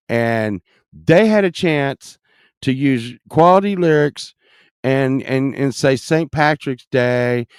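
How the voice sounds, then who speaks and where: A man chatting to his camera in a loose, rambling way, cussing casually as he hops between subjects. His voice is smooth and clear, and he talks slowly and unhurriedly. The recording is dry and close, with no room sound around him. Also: mid-range voice, a little mellow, dry recording. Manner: rambling, profane, jumps between topics. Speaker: vlogger. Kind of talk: rambling casual vlog chat.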